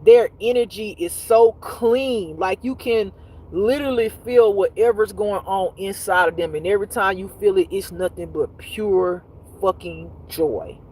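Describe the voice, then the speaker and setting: A woman with a mid-range voice speaks at a measured pace over a rough recording with a faint hiss or hum. She teaches intuitive spirituality and tells stories on a casual livestream full of cursing and laughter, addressing viewers directly, reading their comments aloud, and laughing often through her animated, profane tales.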